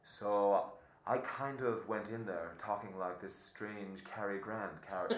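A man, an actor and podcast guest, telling casual anecdotes in an animated way, laughing often and restarting his sentences. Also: lowish voice, measured pace. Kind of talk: casual anecdotal interview chat. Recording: echoey room with faint noise.

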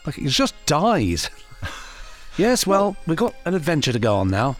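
A chatty man with a fairly high voice, co-hosting a relaxed podcast. He hesitates with plenty of fillers and laughs easily, and faint music plays underneath. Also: moderate pace. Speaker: podcast co-host. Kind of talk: casual chat.

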